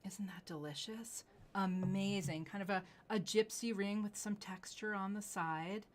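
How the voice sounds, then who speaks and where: A middle-aged woman hosting a live jewelry sales show, gushing with excitement, gasping and dropping into whispers. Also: mid-range voice, a little slow.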